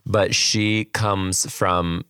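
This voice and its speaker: A man co-hosting a casual chat, animated and laughing as he talks. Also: sits low, very slow, clear, resonant tone, dry recording, clean studio sound. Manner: animated, laughs while talking.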